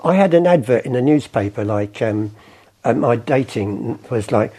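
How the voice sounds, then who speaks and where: A man's voice: mid-range voice, lively intonation, moderate pace, dark tone, breathy edge. An older man from England, a chatty raconteur telling anecdotes in an interview and acting out the voices in his stories. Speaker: artist and storyteller guest.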